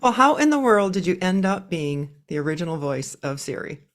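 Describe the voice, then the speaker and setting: A woman hosts a podcast interview, and her pitch moves a lot from word to word. She asks questions and answers her guest with quick, engaged reactions. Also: very animated. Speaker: podcast host. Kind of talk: casual interview chat.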